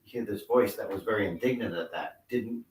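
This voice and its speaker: A man who investigates hauntings, telling a story in casual chat with steady "uh" pauses. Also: lowish voice. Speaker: paranormal investigator. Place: living room at a live party. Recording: echoey room, mic far off.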